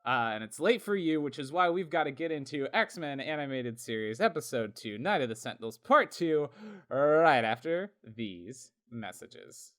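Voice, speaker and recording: A man's voice: fairly high pitch, lively intonation, brisk, hardly any pauses, a bit bright. Chatty man laughing through podcast banter. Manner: chatty, laughs often, lots of fillers. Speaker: podcast co-host. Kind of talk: casual podcast chat.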